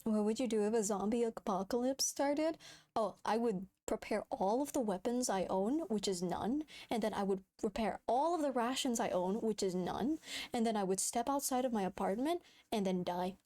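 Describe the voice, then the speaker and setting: A woman's voice: fairly high pitch, moderate pace, mellow. A woman streaming live, chatting casually and playfully, laughing often and swearing freely. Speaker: VTuber streamer.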